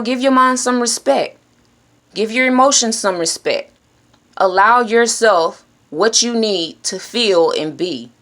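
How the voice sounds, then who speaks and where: A woman giving an earnest, encouraging self-help talk straight to her viewers. She speaks directly and plainly, now and then dropping into hushed shushing. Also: fairly high pitch. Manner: drops to a hushed whisper when shushing. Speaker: vlogger.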